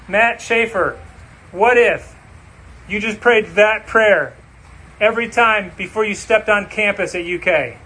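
A male pastor delivering a sermon, reading scripture and preaching with slow, emphatic, dramatic phrases. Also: sits high, sharp tone, breathy edge, low-quality recording.

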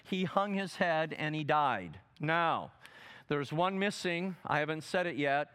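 Animated preacher man with lively pitch. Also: a little slow, clear, resonant tone. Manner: dramatic, rising to loud emphatic quotes and dropping to soft asides; asks the audience fill-in questions. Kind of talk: seminar teaching sermon.

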